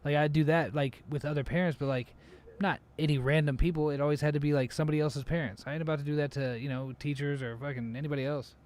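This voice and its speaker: A man's voice: on the high side, fairly even intonation, fast, a little mellow. A man hosting a casual podcast chat, laid-back, with lots of fillers and swearing. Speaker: podcast host.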